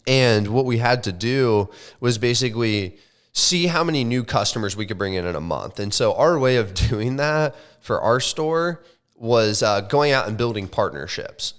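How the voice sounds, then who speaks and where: A young man on a podcast, telling a casual, animated story full of swearing and slang. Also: medium pitch, normal speed, smooth. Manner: animated, swears often, says like and bro. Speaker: podcast co-host.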